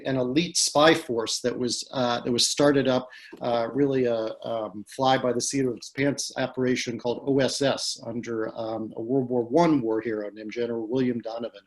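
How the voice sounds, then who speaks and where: Man telling a story with many ums. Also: mid-range voice. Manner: hesitant, many fillers and restarts. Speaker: guest speaker. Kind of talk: storytelling talk on a video call. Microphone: video call.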